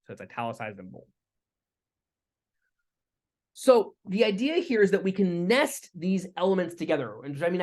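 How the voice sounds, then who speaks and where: Man lecturing, casual with restarts. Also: a little high. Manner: relaxed, thinking aloud with fillers and restarts. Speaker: instructor. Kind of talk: lecture with live coding.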